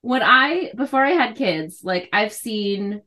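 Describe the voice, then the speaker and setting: A woman's voice: on the high side, expressive, slow pace, pushed and bright. Brief: woman in her thirties, podcast co-host, chatty storyteller who acts out every quote and laughs a lot. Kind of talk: casual chat, storytelling.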